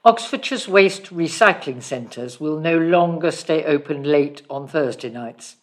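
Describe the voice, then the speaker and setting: A newsreader delivering a local council story in a steady, clear reading style. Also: mid-range voice, unhurried. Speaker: news reader. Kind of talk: read news bulletin.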